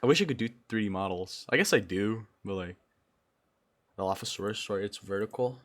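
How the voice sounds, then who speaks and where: A young man from Brazil chatting casually on a livestream, excitable and jumping between loud outbursts and low mumbles. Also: a little fast. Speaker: streamer.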